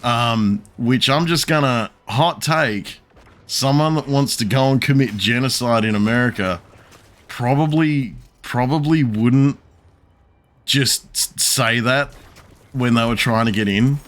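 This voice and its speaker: A man's voice: mid-range voice, measured pace, fairly bright tone. A young man streaming a game, telling a long, profane story in a rambling, chuckling way. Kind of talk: casual chat while gaming.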